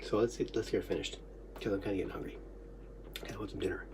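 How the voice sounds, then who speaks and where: A vlogger telling a personal story in a rambling way, laughing, coughing and half-crying, swearing freely and dropping to a low quick murmur for asides. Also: a little mellow, slightly rough, in a whisper. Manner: laughs, coughs and half-cries while reliving a memory.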